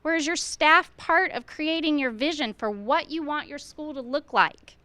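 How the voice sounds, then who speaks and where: A middle-aged woman with a high, bright voice speaks to a room of educators with earnest conviction. She presses her point with a string of rhetorical questions and acts out the lines teachers might say to students. The recording is close and dry. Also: moderate pace, no echo. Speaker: school administrator speaking to educators. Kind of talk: presentation at a staff meeting.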